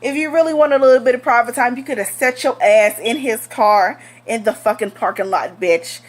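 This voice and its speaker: Young woman, vlogger, storytime, profane, blunt, heated, fairly high voice. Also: fairly quick. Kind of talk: storytime vlog.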